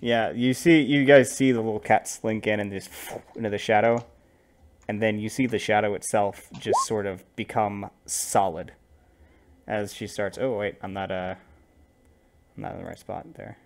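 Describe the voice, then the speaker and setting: A man runs a tabletop game in a lowish, unhurried voice. He narrates loosely, trailing off into fillers as he pictures the scene. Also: a little hiss or hum. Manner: relaxed, rambling narration with fillers. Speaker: game master.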